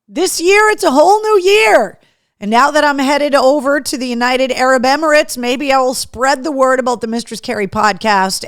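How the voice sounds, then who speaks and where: A woman's voice: a little high, dry recording. Chatty, blunt woman host in a dry room. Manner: chatty and blunt, swears freely, talks with mouth full. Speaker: radio host running a live webcast. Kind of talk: casual live-stream chat reading viewer comments. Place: small home studio.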